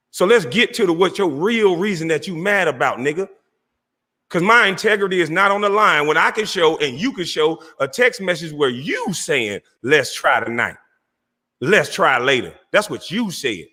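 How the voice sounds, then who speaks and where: A man's voice: a little high, sharp tone, long reverb tail. A man hosting his own livestream, delivering a heated, mocking call-out aimed straight at a rival. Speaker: livestream host. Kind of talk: confrontational call-out rant.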